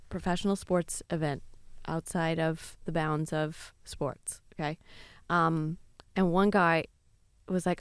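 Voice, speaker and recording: A woman comedian, a guest on a podcast, telling an animated story with frequent laughter. Her voice is smooth and clear, recorded close and dry. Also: on the low side, normal speed, dry recording.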